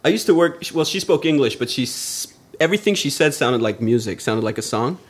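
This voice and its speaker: A man chatting casually with friends, animated, laughing often and swearing casually. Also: mid-range voice, brisk, breathy edge. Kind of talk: casual chat.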